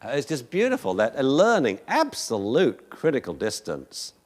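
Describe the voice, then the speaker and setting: Animated man lecturing with lively pitch. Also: moderate pace. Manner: animated, chuckling, acts out dog voices. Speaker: dog behavior lecturer. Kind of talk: lecture narrating video footage.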